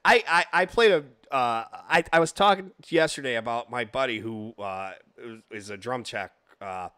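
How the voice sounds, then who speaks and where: A man in casual chat about drums, animated and chatty, often saying "man". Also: mid-range voice, moderate pace, smooth, dry recording.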